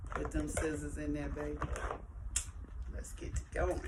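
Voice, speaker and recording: A woman's voice: low voice, monotone, heavy background noise. A woman hosting an eating show, chatting casually to viewers and humming with pleasure between bites, often talking with her mouth full. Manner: chatty, drawn-out savoring hums, talks with mouth full. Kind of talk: casual mukbang chat while eating.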